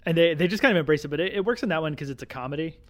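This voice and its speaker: A man's voice: fairly high pitch, animated, rapid-fire, a bit bright. A man co-hosting a casual film podcast, agreeable and asking clarifying questions. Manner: agreeable, often says "yeah", asks clarifying questions. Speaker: podcast co-host.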